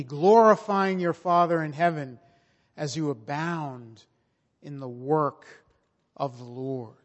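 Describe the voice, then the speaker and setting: Slow, emphatic preacher in a reverberant hall. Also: male voice, on the high side. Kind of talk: sermon. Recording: long reverb of a large hall.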